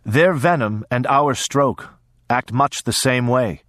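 A man's voice: medium pitch, takes it slowly, a bit bright, no room sound. A man voicing a grave father who speaks briefly and dryly, stern but tender, in a storybook reading. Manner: brief and dry.

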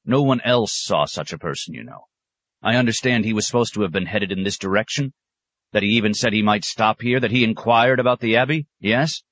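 A man's voice: fairly low pitch, a little fast, a bit bright, dry recording, pitched above the performer's own voice. A man voicing a stern, sarcastic abbot who questions a novice with cutting mockery. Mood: severe. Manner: mocking, cutting, sometimes roaring.

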